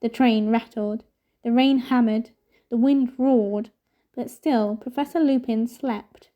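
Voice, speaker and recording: A woman reading a novel aloud in steady, measured narration. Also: on the high side, muffled recording. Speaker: storybook reader.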